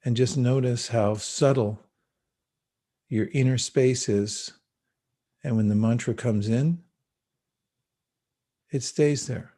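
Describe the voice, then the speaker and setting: A man with a mellow, warm voice leads a guided meditation over a video call. His delivery is calm and unhurried, gently instructive as he walks listeners through breathing. His pitch sits in an ordinary middle range for a man. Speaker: meditation teacher.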